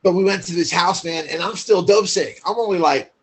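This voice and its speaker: A man's voice: high-pitched, brisk, slightly rough. A man as a podcast guest, telling his story in a candid, blunt, profane way, full of "like" fillers.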